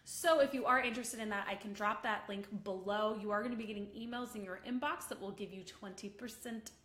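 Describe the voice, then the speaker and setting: A woman coach hosting a live video session, bubbly and animated, chatting with viewers and reading out their comments. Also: medium pitch, fairly quick, reverberant. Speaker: online visibility coach. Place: home office room.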